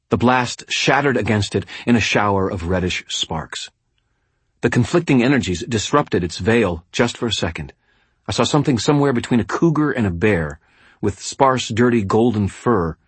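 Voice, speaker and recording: A man reading a first-person novel aloud as an audiobook, with measured, dramatic storytelling. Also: fairly low pitch, breathy edge, no room sound. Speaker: audiobook narrator.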